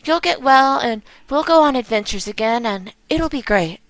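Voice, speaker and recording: A woman voicing a worried young mother who soothes her sick child in a gentle, tender way while reading game dialogue aloud. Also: sits high, lively intonation, moderate pace, no echo, pitched above the performer's own voice.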